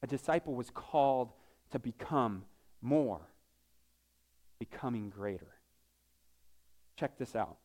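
A man's voice: mid-range voice, expressive, slow pace, pauses often, a little mellow. A male pastor preaching a sermon in a casual, joking way, often restarting his sentences.

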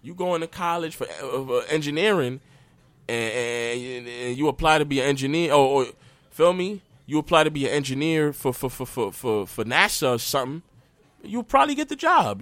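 A man's voice: medium pitch, fairly bright tone. A young man hosting a casual solo podcast, talking bluntly in loose slang and restarting his sentences often. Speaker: podcast host.

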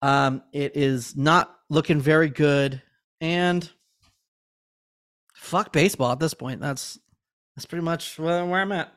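A man's voice: fairly high pitch, takes it slowly, pauses often, a bit bright, smooth. A man co-hosting a casual sports podcast, rambling and swearing in frustration. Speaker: podcast co-host.

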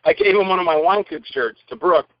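A man with a fairly high voice tells stories from his acting work, slipping into different voices to act out what people said. The sound is dry and a little dull, recorded close up without room echo. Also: brisk, gravelly. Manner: animated, acts out quoted lines in varied voices. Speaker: actor and interview guest. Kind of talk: anecdotal storytelling in an interview.

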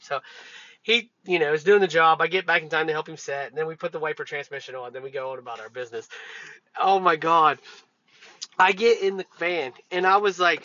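A man's voice: sits high, normal speed, sharp tone. A man hosting a podcast, telling work stories in a loose, profane, casual way with many fillers. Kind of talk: casual storytelling monologue. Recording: dull lo-fi recording.

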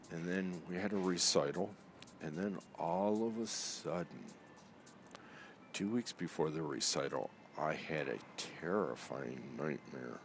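A low-voiced man tells a personal story casually and with lots of energy, mimicking the voices of the people he quotes.

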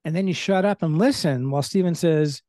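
A man's voice: fairly high pitch, a little fast, warm tone, no echo, studio quality. A middle-aged man, a leadership trainer, explaining in casual conversation with everyday examples and candor about his own temper.

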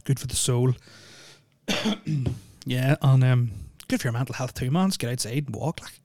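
A man's voice: medium pitch, moderate pace, a little mellow, no room sound. A man hosting a solo podcast, rambling with lots of ums and dry jokes. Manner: rambling, filler-heavy, joking. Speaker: podcast host. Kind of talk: casual solo podcast chat.

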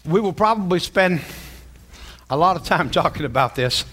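A man preaching a sermon as pastor, asking his congregation questions and swinging from slow, soft passages to loud, emphatic ones. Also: high-pitched. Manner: animated, rising from soft and slow to loud and emphatic, laughing asides.

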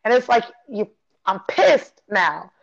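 Speaking slowly in a creaky, mid-range voice, an Illinois woman in her thirties recounts a personal story with great animation. Her casual talk is full of laughter, free cursing and impressions of what others said, captured in dull lo-fi sound.

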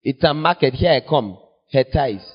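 Playful preacher in an echoing church. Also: male voice, normal speed, breathy edge. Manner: playful, teasing, animated with sudden jumps in pitch. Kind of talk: sermon. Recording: long church reverb, dull lo-fi sound.

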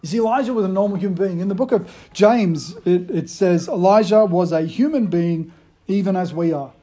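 A man's sermon comes fairly quickly and in a conversational style, his high voice sounding mellow and soft-edged. As a preacher, he alternates emphatic bursts with quietly hushed retellings.

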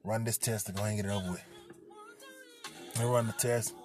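A man with a fairly low voice tells a personal story in loose, profane street slang, slipping into the voices of the people he quotes. Music plays clearly underneath the whole time. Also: fairly even intonation, fairly quick. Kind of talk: casual storytime.

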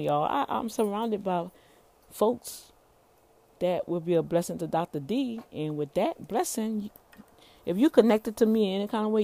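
A woman's voice: on the low side, a little mellow. A middle-aged woman, an entrepreneur, giving a casual motivational rant in a preachy way, calling her listeners y'all and often repeating words.

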